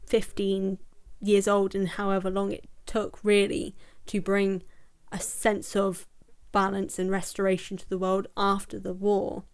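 A young woman with a posh British accent in casual podcast chat, thoughtful and quick to laugh. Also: mid-range voice, smooth, no room sound. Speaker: podcast guest, video creator.

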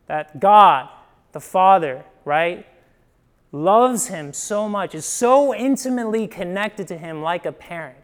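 In a high voice, a young Ohio pastor preaches a sermon as a conversational story. He swings between emphatic bursts and quiet drops, often checking in with "right?". He's from the Midwest.

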